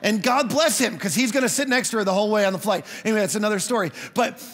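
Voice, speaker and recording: A man preaching a sermon as a pastor, telling stories in a conversational way with quick asides. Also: sits high, fairly bright tone. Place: church hall. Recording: long hall reverb.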